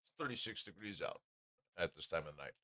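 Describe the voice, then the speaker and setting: A man's voice: deep voice, expressive, brisk, sharp tone. A man telling profane, rambling anecdotes in a casual podcast chat.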